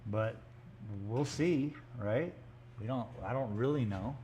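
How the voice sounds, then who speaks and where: A man's voice: medium pitch, takes it slowly, mellow, muffled recording, slight background noise. A man chatting casually and joking in rambling asides while he paints live in an art gallery studio. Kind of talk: casual live-stream chat.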